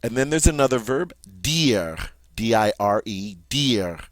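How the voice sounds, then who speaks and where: A man's voice: medium pitch, expressive, measured pace, no echo. A man teaching French grammar, patiently spelling out verb forms letter by letter. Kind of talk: recorded grammar lesson.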